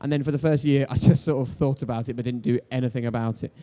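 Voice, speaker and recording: A man, a TV presenter on a live stage telling animated stories and acting out the voices of people in them. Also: medium pitch. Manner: animated, quick, acts out voices in his stories. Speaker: TV sports presenter, interviewed guest. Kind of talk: lively anecdotal storytelling on stage. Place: live event stage before an audience.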